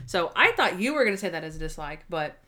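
A woman's voice: fairly low pitch, sing-song, fast talker, pushed and bright. A young adult woman co-hosting a casual podcast chat, talking animatedly and acting out characters' lines. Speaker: podcast co-host.

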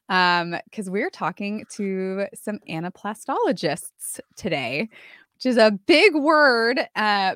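A woman co-hosting a casual podcast chat, soft-spoken and quick to laugh. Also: medium pitch, dry recording, clean studio sound. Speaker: podcast co-host.

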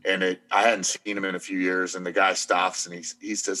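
A man's voice: on the low side, little pitch movement, brisk, hardly any pauses, fairly bright tone. A man, an army veteran, casually telling a long anecdote with many fillers and restarts. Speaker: podcast host, army veteran. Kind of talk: casual storytelling chat.

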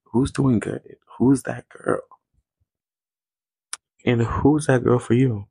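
A man's voice: mid-range voice, steady tone, slow pace, creaky, warm tone, breathy edge. A young man co-hosting a casual podcast chat, playful and teasing, laughing often. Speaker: podcast co-host.

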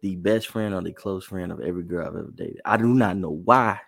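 A man's voice: deep voice, brisk, no room sound, clean studio sound. A man co-hosting a podcast in casual chat, laughing often. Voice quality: gravelly, animated, laughs often. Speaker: podcast co-host.

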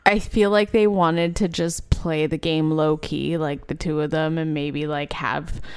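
Podcast co-host, female, lowish smooth voice, unhurried recaps of scenes. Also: steady tone. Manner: recaps scenes, quotes characters, laughs easily. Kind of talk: casual chat.

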